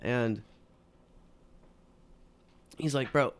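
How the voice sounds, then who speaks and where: A man's voice: medium pitch, a little fast. A young man in casual chat, telling a work story with lots of energy and acting out both sides of a quarrel. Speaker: podcast co-host.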